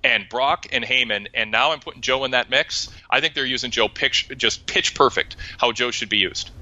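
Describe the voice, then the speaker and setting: A man's voice: medium pitch, moderate pace, sharp tone, no echo, highs cut off. A man co-hosting a wrestling talk show, speaking casually and animatedly, quoting lines with relish.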